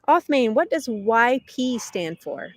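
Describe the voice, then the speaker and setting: Brief: middle-aged woman, English teacher on a live stream, unhurried, laughs between chat replies, dogs barking nearby. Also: a little high. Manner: chatty, reads viewer comments aloud and answers them; laughs often between remarks.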